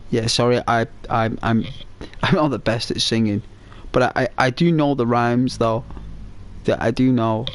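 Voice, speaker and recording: A man talks slowly and casually over his gameplay, his voice at an ordinary mid pitch. He rambles, trails off and restarts his sentences, with plenty of fillers. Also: steady tone. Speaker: gaming channel host. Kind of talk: casual chat while playing a game.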